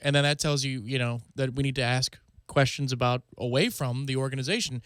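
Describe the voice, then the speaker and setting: A man co-hosting a sports talk radio show, chiming in with quick remarks. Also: medium pitch, fairly bright tone, clear, resonant tone, no room sound, studio quality. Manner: chimes in with quick agreeing remarks. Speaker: radio co-host.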